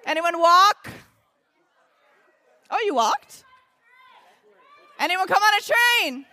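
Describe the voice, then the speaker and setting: A woman from Michigan with an American accent gives an energetic preaching talk to a crowd and often shouts out to the audience. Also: extremely high pitch, slow pace. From Michigan, USA. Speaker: youth event speaker.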